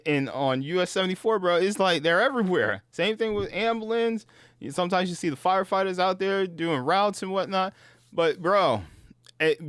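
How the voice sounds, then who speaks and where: Casual host, male, fairly high voice, dry close sound, swears a lot and acts out sounds. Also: fairly bright tone, no echo. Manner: slangy and profane, peppered with "bro" and "dude". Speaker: gaming channel host. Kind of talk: casual storytelling to camera.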